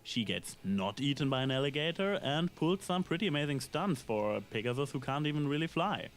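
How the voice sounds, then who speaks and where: A man reading a scripted episode review in a measured, analytical way, with dry asides. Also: a little high, animated. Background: faint background music.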